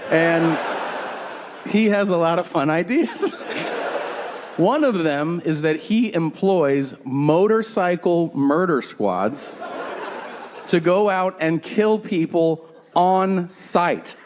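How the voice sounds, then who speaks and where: A man's voice: a little high, animated, slow, pauses often, long reverb tail, a little hiss or hum. A man performing a stand-up comedy set with sarcastic, mock-boastful, profane punchlines.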